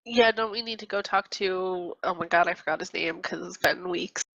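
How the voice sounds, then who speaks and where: A woman playing in a tabletop game, talking in a halting, scattered way. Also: fairly low pitch, fairly bright tone, highs cut off, a little hiss or hum. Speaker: player. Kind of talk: casual tabletop play.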